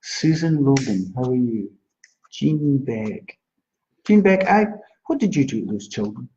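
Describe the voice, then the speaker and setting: A man with a medium-pitched, dark-toned voice and lively intonation talks a little slowly over slight background noise. Hosting a live stream as a psychic astrologer, he chats with viewers, greeting them by name and giving card readings, all in dull lo-fi audio.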